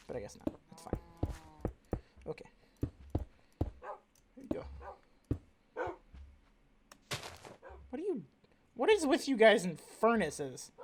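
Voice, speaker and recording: A gamer giving casual let's-play commentary, rambling and chatting to in-game animals. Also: medium pitch. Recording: audible background noise.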